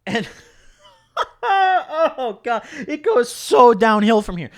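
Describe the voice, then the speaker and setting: A young man telling a story on his vlog in a casual, animated way, swearing often and dropping low and quiet when he quotes himself. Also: slow, no echo, clean studio sound. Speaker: YouTuber.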